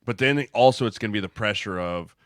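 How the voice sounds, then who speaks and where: A man with a lowish voice reasons through a point calmly and at length on a podcast. His delivery is measured, sprinkled with casual slang. The mic is close and dry. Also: smooth, dry recording. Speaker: podcast co-host.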